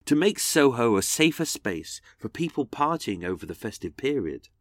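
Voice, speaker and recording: Mocking male narrator, lively pitch. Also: moderate pace, dry recording, studio quality. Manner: mocking, theatrical. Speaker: podcast host. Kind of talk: sarcastic scripted narration.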